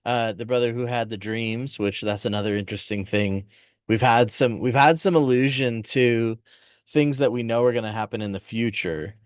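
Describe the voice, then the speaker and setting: A man's voice: mid-range voice, moderate pace, clean tone, no room sound, studio quality. A man co-hosting a podcast, chatting enthusiastically about a TV series. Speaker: podcast co-host. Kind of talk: casual chat recapping a TV series.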